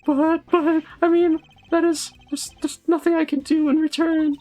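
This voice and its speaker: A man's voice: extremely high pitch, little pitch movement, darkish tone, soft background music, pitched above the performer's own voice. A man voicing a timid, apologetic young male prisoner who stammers and halts, for a game read-through. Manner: stammering, halting.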